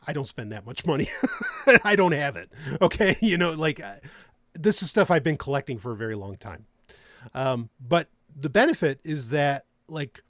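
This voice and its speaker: Rambling, animated male podcast host. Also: a little high, no room sound, studio quality. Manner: rambling, laughs often, many restarts. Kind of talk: casual podcast chat.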